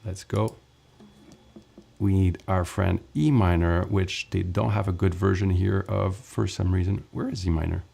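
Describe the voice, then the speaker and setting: A man's voice: low voice, steady tone, measured pace, vocal fry, slightly rough. A man teaching ukulele in a casual lesson, counting beats aloud while he strums and chatting between takes. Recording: ukulele playing loudly under the voice.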